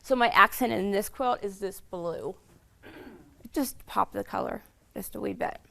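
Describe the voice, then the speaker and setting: A hoarse woman casually demonstrating quilting steps to a small group, chatty and explaining each step as she sews. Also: medium pitch, unhurried, sharp tone. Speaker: quilting instructor.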